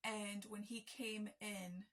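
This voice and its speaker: A woman's voice: mid-range voice, steady tone, slow pace, fairly bright tone. A woman telling her own story as a candid, emotional personal testimony, with many fillers.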